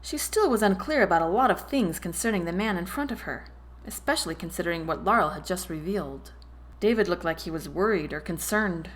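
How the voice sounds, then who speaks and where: A woman narrating a romance novel chapter in an expressive reading voice. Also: on the low side, fairly quick. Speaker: audiobook narrator. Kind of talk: storybook narration.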